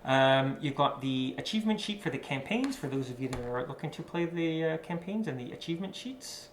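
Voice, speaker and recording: A man's voice: on the high side, animated, a little fast. A man giving casual, rambling commentary while unboxing a board game, with lots of fillers and asides. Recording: echoey room with faint noise.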